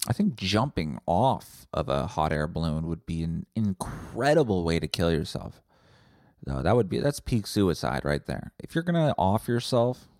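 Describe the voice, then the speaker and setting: Low male podcast host, animated and swinging in pitch, who rambles off-the-cuff with lots of profanity. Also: no room sound, studio quality. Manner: rambling, profane, tangent-hopping. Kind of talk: rambling comedic monologue.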